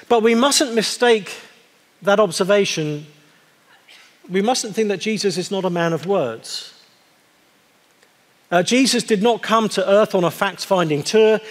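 A man preaching a sermon in a conversational, wry way, slowing down to stress key words. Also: high voice. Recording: long hall reverb.

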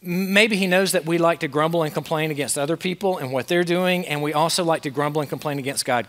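A pastor delivers an earnest, emphatic sermon, his high and bright voice pressing questions on the congregation. He is recorded in a large church hall, and each phrase trails off into a long reverb. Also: steady tone, fast talker, hardly any pauses. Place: church sanctuary with a masked congregation.

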